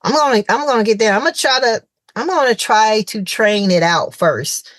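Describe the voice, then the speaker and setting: A woman, a childcare center owner on a podcast as a guest, telling stories in a lively way and acting out what people said. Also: a little high, normal speed, no echo. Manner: animated storytelling, acting out quoted dialogue. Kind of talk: casual conversational interview.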